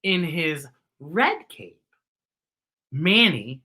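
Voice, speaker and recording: A woman hosts a children's story time, reading a picture book aloud in a playful, animated way and talking straight to the young listeners. Her voice sits a little low but sounds bright, and her pitch swings widely. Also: takes it slowly.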